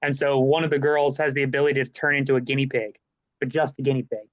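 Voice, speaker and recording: A man's voice: medium pitch, level tone, fast talker, no echo, lo-fi sound. A young man co-hosting a casual chat, telling stories animatedly and acting out voices in his anecdotes. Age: young adult. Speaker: student co-host.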